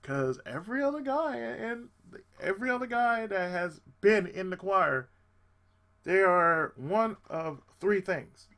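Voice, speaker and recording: A man hosting his channel, telling a personal story as a casual rant. He is animated and exasperated and swears freely. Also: high-pitched, a little slow.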